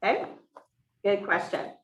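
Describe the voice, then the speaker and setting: A woman's voice: a little slow, slight background noise. A woman interpreting for a teacher, voicing a sign language lesson in the first person and explaining each point step by step. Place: classroom for a hybrid in-person and online class. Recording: echoey room from far off.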